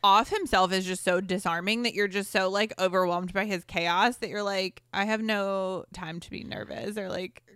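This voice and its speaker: A young woman co-hosting a casual podcast chat, enthusiastic and quick to agree. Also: medium pitch, steady tone, fairly bright tone, smooth, no room sound, studio quality. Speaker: podcast co-host.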